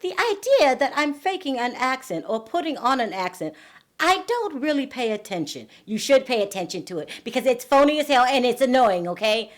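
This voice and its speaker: A woman's voice: high voice, sing-song, normal speed. A woman hosting a celebrity gossip commentary, sarcastic and indignant, often exclaiming at what she reads out. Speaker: reality TV commentary host.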